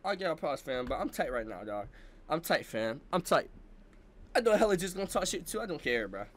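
A man's voice: on the high side, big pitch swings, a little fast. A young man hosting a sports reaction video, ranting in heated, slangy talk and tagging lines with "bro" and "fam". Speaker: sports fan reaction host.

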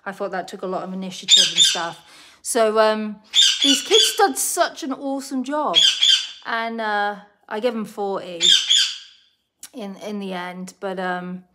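A British woman talks slowly, rambling along with plenty of pauses as she chats to her live audience. Loud squawks and clicks from a parrot keep breaking in behind her voice. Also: mid-range voice, very noisy. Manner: rambling and chatty, scolding her bird between sentences. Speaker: pet bird owner and channel host. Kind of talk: casual live chat with viewers.

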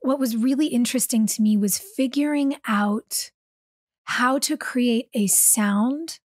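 A young adult woman, an actress guest, telling a story in a casual interview with animated, quick delivery. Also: a little high, no echo, studio quality.

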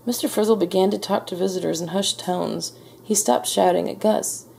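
A woman reading a children's picture book aloud in a gentle, measured storytelling manner. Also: mid-range voice, steady tone, vocal fry, a little hiss or hum. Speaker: storybook reader. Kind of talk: children's read-aloud narration.

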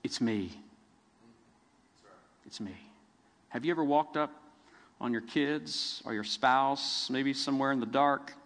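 A middle-aged man preaching a sermon, telling the story vividly with dramatic pauses. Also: medium pitch, fairly even intonation, a bit bright, long reverb tail. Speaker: pastor. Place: church sanctuary.

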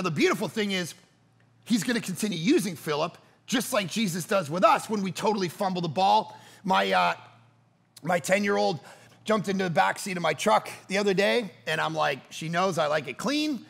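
A middle-aged man preaching a sermon as pastor, telling stories with animated swings between loud bursts and hushed, quiet passages. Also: sits high, creaky.

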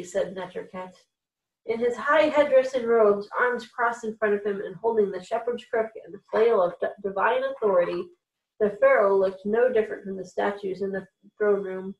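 A woman reading a chapter book aloud to children in a steady storytelling way. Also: mid-range voice, normal speed, recorded from a distance. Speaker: reader for a children's program. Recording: echoey room, voice off-mic.

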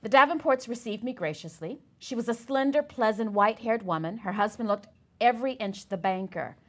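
Expressive woman reading a memoir. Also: on the high side, fairly quick. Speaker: reader of a memoir excerpt. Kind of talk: reading a memoir aloud in a lecture.

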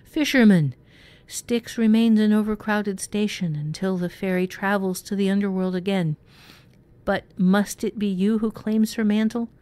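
A woman voicing a huge three-headed underworld hound that speaks loudly and menacingly, in a story reading. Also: medium pitch, slow pace, pitched above the performer's own voice, lightly acted. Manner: loud, menacing.

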